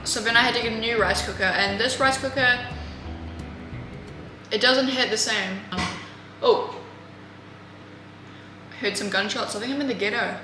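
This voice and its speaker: A woman's voice: on the high side, moderate pace, long pauses, echoey room, background noise. A young woman from New Zealand with a New Zealand accent, chatting offhandedly and jokingly while she bakes for a cooking vlog. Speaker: cooking vlogger. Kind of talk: casual cooking vlog chat.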